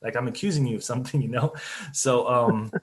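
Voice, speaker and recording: A man's voice: medium pitch, brisk. A man, a company CEO, giving conversational, explanatory answers in an interview over a video call. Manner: conversational, explanatory, laughs easily.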